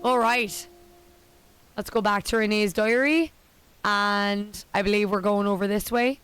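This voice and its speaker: A woman's voice: medium pitch, steady tone, measured pace, fairly bright tone. A woman streaming a game, chatting casually with self-deprecating jokes. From United States. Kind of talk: casual live-stream chat.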